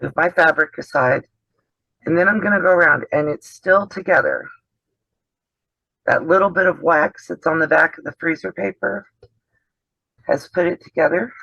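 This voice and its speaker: A man with a gravelly, fairly high voice talks through a sewing craft step by step, chatty and a little meandering. His sound comes over a video call, dull and completely dry. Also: normal speed, pauses often, bright, forceful tone, no echo. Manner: chatty and explanatory, trails off mid-sentence. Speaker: host of a sewing channel.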